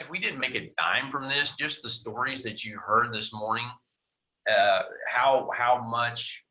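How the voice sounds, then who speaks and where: A man's voice: fairly low pitch, pushed and bright, poor audio. A man hosting a team video call, talking at length with many repeated words and fillers. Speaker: host.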